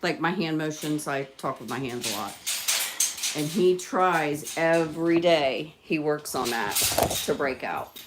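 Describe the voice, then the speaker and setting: A woman hosting a live stream at home, chatting casually with viewers and coaxing her pet birds in a high sing-song voice. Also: animated, a little slow. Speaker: livestream host with pet birds. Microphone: phone on a small tripod. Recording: echoey room, far from mic, noisy.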